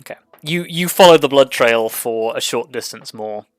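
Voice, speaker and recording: A man game master narrating a tabletop game, halting and full of restarts. His voice sits at a middle pitch and sounds close and dry, with no room sound around it. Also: animated, smooth, no echo. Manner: hesitant, full of ums and restarts.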